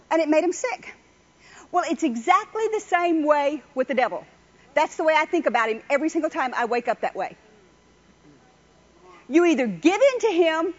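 High-voiced woman preaching folksily. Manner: chatty, exhorting, laughs often. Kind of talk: folksy sermon with personal stories. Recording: dull lo-fi recording.

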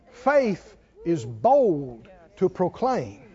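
Male preacher, high pitch, animated, muffled recording. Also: husky. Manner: animated, rising to near-shouts then dropping low. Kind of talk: sermon. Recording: dull lo-fi sound.

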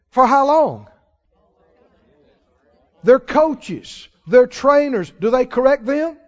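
A man with a very high voice preaches a sermon at an unhurried, deliberate pace, pressing his congregation with questions. The recording is dull and lo-fi. His voice rings out with a long hall reverb. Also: very animated. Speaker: pastor.

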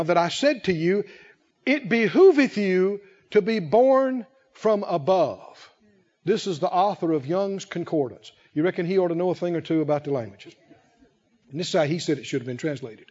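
A man preaching a sermon, emphatic and repetitive, who slows to stress key phrases and rises in fervor. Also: fairly high pitch, lively intonation, darkish tone. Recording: dull lo-fi recording.

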